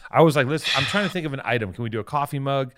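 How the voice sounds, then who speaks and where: A man co-hosting a podcast in casual chat, excitable and profane, laughing often. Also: medium pitch, rapid-fire. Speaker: podcast co-host.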